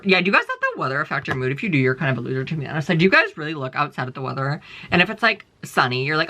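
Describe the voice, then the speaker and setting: A man rants to his channel in a rapid-fire, rambling stream, stuffed with fillers and profanity. His voice is bright and cutting, and he hammers his points home with blunt emphasis. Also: a little high, big pitch swings. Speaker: vlogger. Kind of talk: casual rant to camera.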